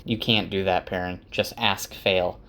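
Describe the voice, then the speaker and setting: A man voicing a gentle, worried male giant who pleads. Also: sits low, fairly even intonation, measured pace.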